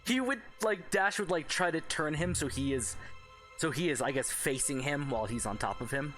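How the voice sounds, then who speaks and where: Giggly high-voiced man playing a tabletop game. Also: moderate pace, soft background music. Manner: giggly, swearing, animated. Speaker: player.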